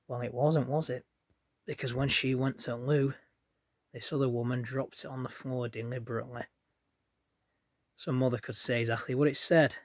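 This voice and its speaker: A man's voice: mid-range voice, steady tone, normal speed, pauses often, no echo, clean studio sound. A man telling a rambling personal story straight to his viewers in a chatty, plain-spoken way. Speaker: vlogger. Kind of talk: casual storytelling to camera.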